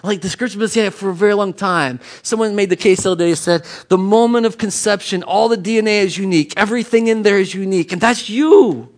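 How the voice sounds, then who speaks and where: High-voiced man preaching emphatically. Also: quick pace, few pauses. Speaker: pastor. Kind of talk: sermon.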